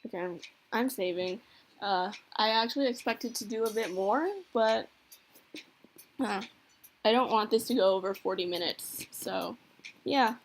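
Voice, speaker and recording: A woman's voice: medium pitch, a little slow, pauses often. A young woman chatting and giggling as she reacts to a visual novel she plays on video. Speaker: gamer playing a visual novel. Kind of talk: casual let's-play commentary.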